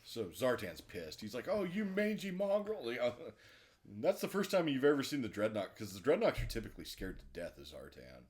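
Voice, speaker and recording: A man's voice: fairly low pitch, sing-song, brisk, darkish tone. A man co-hosting a podcast, casually recapping a cartoon episode at length and laughing often. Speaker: podcast co-host.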